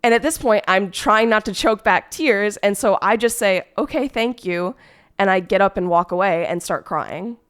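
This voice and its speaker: A woman's voice: medium pitch, normal speed, few pauses, a bit bright, clear, resonant tone. Woman, streamer, casual storytime, rambling, exasperated, sick, filler-heavy.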